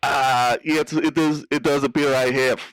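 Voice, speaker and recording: A man's voice: mid-range voice, fairly even intonation, a little slow, fairly bright tone, clear, resonant tone, no room sound, lightly acted, rough recording. A man playing a drunk, boastful hacker who calls a radio show, in a put-on Russian-sounding accent, slurring and calling everyone bro in an improvised comedy. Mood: drunk bragging. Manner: slurring, brash, says bro and dude.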